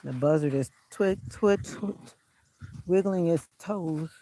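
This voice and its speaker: A woman's voice: fairly low pitch, slow pace, dark tone. A woman vlogging casually while walking her dog outdoors on a country road, chatting and giving the dog firm commands. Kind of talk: casual walking vlog commentary.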